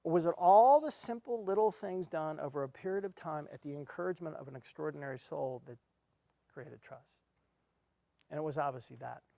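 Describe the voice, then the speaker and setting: Earnest male speaker, slightly high voice, heartfelt storytelling, close dry sound. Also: brisk, vocal fry, warm tone, dry recording. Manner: earnest storyteller, acts out his own reactions. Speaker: speaker at an education event. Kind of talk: motivational talk with personal story.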